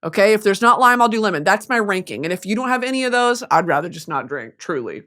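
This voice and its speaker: A woman's voice: mid-range voice, very animated, quick pace, fairly bright tone. A woman from Texas hosting a podcast, telling a story as a comedic monologue in a profane, self-mocking way. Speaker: podcast host.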